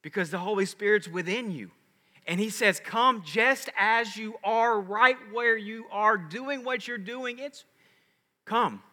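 A male pastor delivering an animated, emphatic sermon full of rhetorical questions in a large church with a balcony. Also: high voice. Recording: echoey sanctuary reverb.

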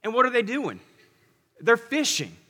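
A male pastor preaches in a church sanctuary, telling the story in an animated way and moving from loud to hushed. His voice is high and bright. A long reverb rings through the hall. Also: moderate pace. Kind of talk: sermon.

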